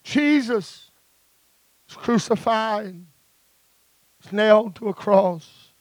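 A man's voice: high-pitched, takes it slowly, dry recording. A man preaching a sermon with emphatic phrasing, punctuating his lines with "uh", with guitar music playing behind him.

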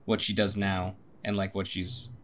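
Male co-host, low pitch with a bright, forceful edge, offhand chat. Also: monotone. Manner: offhand, quick agreeing replies. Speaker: podcast co-host. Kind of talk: casual chat.

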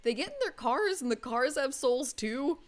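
A woman's voice: high voice, animated, moderate pace. A woman co-hosting a podcast, eagerly recounting favourite film scenes in casual chat. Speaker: podcast co-host.

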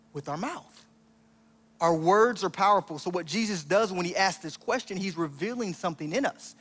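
A man's voice: high voice, a bit bright, in a large hall. A man preaching a sermon as pastor, in a conversational style that acts out the lines he quotes.

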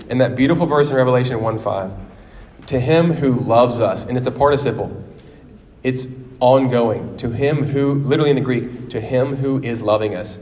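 Male pastor, forties, sermon, animated storytelling, long reverb of a big hall. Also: medium pitch, moderate pace. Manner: animated storytelling with acted quotes. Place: church sanctuary.

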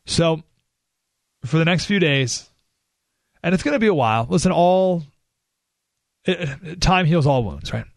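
A man's voice: fairly high pitch, lively intonation, a little slow, gravelly, pauses often, no room sound, clean studio sound. A man hosting a political talk radio show, speaking emphatically and sarcastically. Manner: emphatic, sarcastic, with short laughs.

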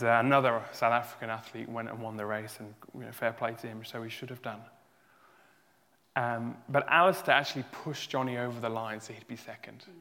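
A male pastor preaching a sermon in a church hall, earnest and emphatic, rising to loud peaks and sometimes stumbling over his words. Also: medium pitch. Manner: restarts and stumbles, emotional. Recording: long hall reverb.

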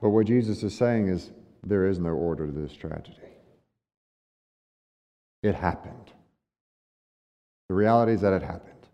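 A man's voice: deep voice, moderate pace, pauses often, warm tone. Man preaching in a big reverberant hall. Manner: conversational preaching with rhetorical questions to the congregation. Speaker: pastor. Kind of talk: sermon. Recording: dull lo-fi sound with long hall reverb.

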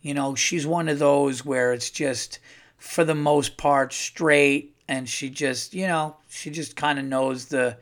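A man's voice: on the high side, fairly even intonation, slow pace, a bit bright. A man hosting his own podcast alone, rambling and swearing as he rants in a worked-up way. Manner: rambling, profane, worked-up ranting. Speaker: podcast host. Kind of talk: casual solo podcast monologue.

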